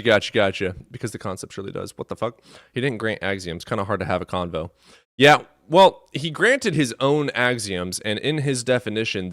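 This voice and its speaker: A man's voice: lowish voice, sharp tone, no echo, studio quality. A man hosting a debate live stream, talking in a casual, sarcastic and profane way.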